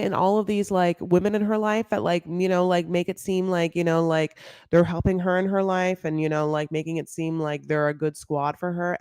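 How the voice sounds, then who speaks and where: Calling her listeners "honey," a woman casually recaps a reality show in a gossipy style thick with fillers. Her lowish, slightly mellow voice carries a gravelly vocal fry, with no echo.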